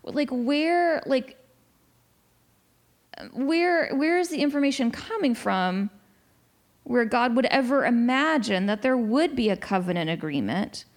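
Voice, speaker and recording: A woman in her forties in a casual discussion, telling a story in an animated way with many restarts. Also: fairly high pitch, unhurried.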